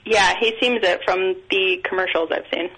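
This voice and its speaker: A woman sitting in as a regular on a talk show, answering briefly with an easygoing, amused air. Her voice has a bright, sharp edge. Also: mid-range voice, moderate pace, poor audio. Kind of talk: casual talk-show banter.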